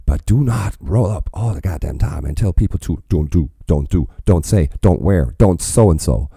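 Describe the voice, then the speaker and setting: A man with a very low, mellow voice comments on a song in a loose, profane, rambling way. His pitch swings widely as he gets worked up. The sound is dry and close, with no room echo. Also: expressive, normal speed, creaky, hardly any pauses, slightly rough. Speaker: reaction video host. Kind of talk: casual reaction commentary.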